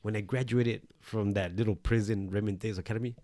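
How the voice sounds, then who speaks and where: A man's voice: fairly low pitch, steady tone, a little fast, dark tone, no echo, studio quality. A man co-hosting a podcast, telling his own story in a loose, profane, streetwise way. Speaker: podcast co-host. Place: El Paso recording studio.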